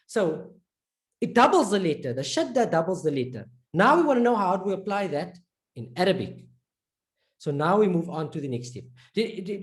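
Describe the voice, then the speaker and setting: A woman teaching an online lesson, patiently repeating points, checking in with learners and slowly drawing out example words. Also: lowish voice. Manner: slowly drawn-out word demonstrations. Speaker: Arabic reading teacher.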